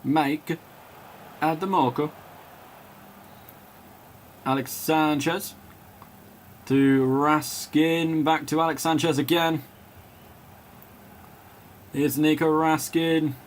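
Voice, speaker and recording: Male play-by-play commentator, slightly high voice, calls names in quick bursts and yells on goals, faint noise in the background. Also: little pitch movement. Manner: chats and laughs with viewers between calls. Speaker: match commentator.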